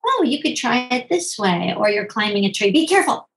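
Speaking in fast bursts that slow when she wants to stress something, a middle-aged woman, a doctor and author of parenting books, responds to an interviewer. Very animated and gravelly, she often voices quoted speakers with dramatic pitch swings, though the audio is poor.

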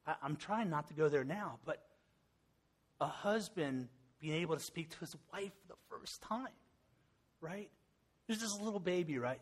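A man's voice: on the high side, fairly bright tone. Earnest middle-aged male pastor preaching. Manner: conversational and earnest, with asides and restarts. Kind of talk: sermon.

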